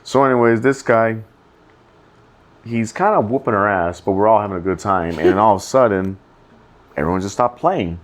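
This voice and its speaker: A man's voice: lowish voice, moderate pace, pauses often. A young man co-hosting a podcast, telling a story in casual chat, swearing often and acting out what people said. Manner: profane, animated storytelling with acted-out quotes. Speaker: podcast co-host.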